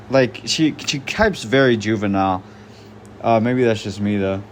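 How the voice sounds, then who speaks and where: A man's voice: fairly low pitch, measured pace, pauses often, a little hiss or hum. A man doing casual reaction commentary, blunt and slangy, swearing freely. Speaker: online commentator.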